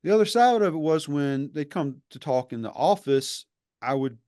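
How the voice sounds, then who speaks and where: A man's voice: fairly high pitch, lively intonation, normal speed, dark tone, no echo, studio quality. A man who was once a professor, hosting a podcast and talking earnestly and emphatically, rambling with restarts. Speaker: podcast host; former professor. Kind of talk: reflective conversational interview.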